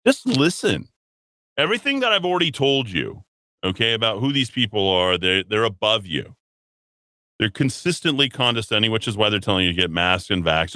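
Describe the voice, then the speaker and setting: A sarcastic man hosting a talk show, reading an article aloud and ridiculing it between lines. His low voice is bright and forceful and jumps all over the place, and the sound is close and dry. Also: expressive, normal speed, no room sound. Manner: sarcastic, puts on a snooty voice to mock the writer; stumbling asides and restarts, laughs at his own jokes. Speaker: radio talk show host.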